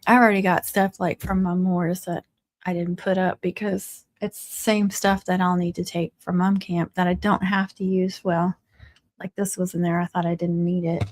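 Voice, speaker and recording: A woman's voice: lowish voice, little pitch movement, normal speed, dry recording. A woman hosting a crafting livestream, chatting casually and teasing her viewers with frequent laughs. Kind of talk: casual live-stream chat.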